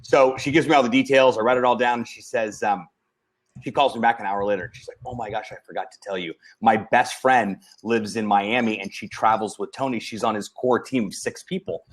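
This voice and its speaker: A man at a middle pitch hosts a casual talk show. He is relaxed and chatty, and he restarts his sentences as he goes. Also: brisk. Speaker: host. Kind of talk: casual chat.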